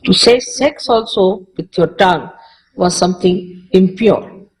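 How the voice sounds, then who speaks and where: A woman's voice: mid-range voice, unhurried, darkish tone, low-quality recording. A woman from India with an Indian accent, speaking as a spiritual teacher in a public lecture, conversational and repeating short phrases for emphasis.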